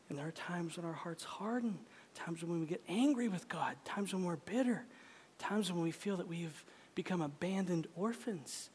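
A man preaching a sermon as pastor, swinging from loud urgent pleading to soft, whispered tenderness. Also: high-pitched, lively intonation, moderate pace, husky. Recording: long hall reverb.

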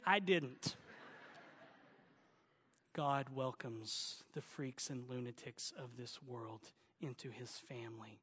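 A man's voice: mid-range voice, fairly bright tone, slightly rough, in a large hall. A pastor from Oklahoma with a Southern accent, preaching a folksy, emphatic sermon with jokes to his church.

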